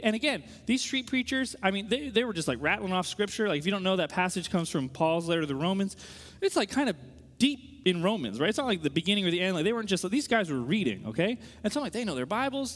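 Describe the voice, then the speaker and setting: A high-voiced man preaches to a room, his pitch swinging widely as he tells a story with quick asides. His voice carries a long reverb from a large hall. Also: a bit bright. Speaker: pastor. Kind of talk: sermon storytelling.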